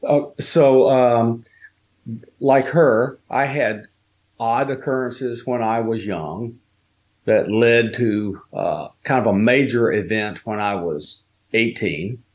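Male guest from the American South, mid-pitched, unhurried storyteller who stops and restarts. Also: darkish tone. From Southern United States. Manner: slow, halting storytelling with fillers. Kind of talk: telling a personal story in a podcast interview.

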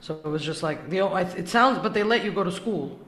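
A man's voice: high-pitched, expressive, brisk, a crowd in the background. A man hosting a podcast interview, asking incredulous questions. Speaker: podcast host. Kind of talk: interview conversation. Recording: roomy with faint background noise.

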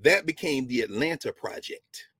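A man giving an impassioned history lecture, moving between quiet asides and loud emphatic bursts. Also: mid-range voice, lively intonation, moderate pace, vocal fry, husky, no room sound.

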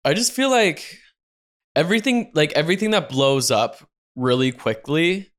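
A young man co-hosting a podcast in casual chat, rambling and animated, full of "like" and casual swearing. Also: fairly high pitch, moderate pace. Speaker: podcast co-host.

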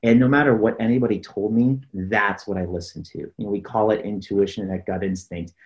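A man's voice: fairly low pitch, fairly even intonation, a little fast, highs cut off. A man who coaches leaders, talking as an interview guest and telling stories earnestly, with many fillers. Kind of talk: casual interview storytelling.

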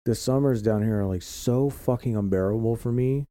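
A Florida man co-hosts a casual podcast, rambling and swearing nonstop in a medium-pitched, dark-toned voice at normal speed. It's a dry recording on a home podcast mic.

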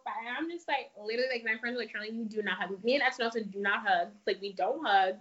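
A young woman talks animatedly in a casual group chat, with plenty of fillers. Her voice sits a little high. The recording is dull and lo-fi. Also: quick pace. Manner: animated, laughing, lots of fillers. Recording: dull lo-fi audio.

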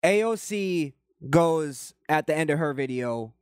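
A man's voice: on the high side, animated, a little slow, clean tone, no echo, clean studio sound. A man ranting through heated, profanity-laced political commentary and reading viewer comments aloud. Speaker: commentary channel host.

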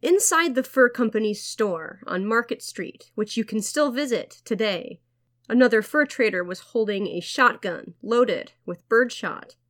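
A woman hosting a history podcast, reading a scripted true story in a measured storytelling manner with wry asides. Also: fairly high pitch, lively intonation, a bit bright. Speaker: podcast host.

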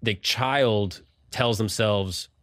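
A man's voice: lowish voice, very slow, a bit bright, dry recording. A man hosting a casual podcast, talking reflectively with lots of filler words. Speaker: podcast host.

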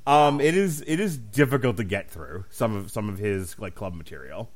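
A man co-hosting a podcast, telling profane stories with loud mimicked voices. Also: on the low side, normal speed. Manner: profane, animated storyteller, mimics voices loudly. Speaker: podcast co-host. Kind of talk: casual chat.

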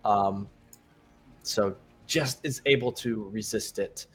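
Man, game master, low voice, slow, going hoarse, faint music behind. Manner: relaxed, unhurried narration with many fillers. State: losing his voice. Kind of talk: narrating a tabletop game.

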